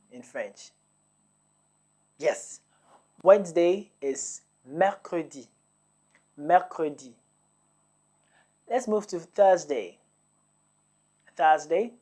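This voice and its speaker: A woman's voice: sits low, darkish tone. A woman hosting a French lesson, patiently quizzing listeners and repeating words for them to copy. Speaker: French teacher. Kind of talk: language lesson.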